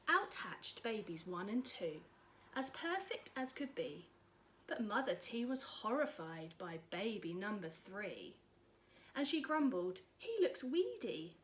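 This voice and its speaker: A woman reading a rhyming picture book aloud in an expressive, rhythmic way. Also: medium pitch, slow, a little hiss or hum. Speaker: storyteller.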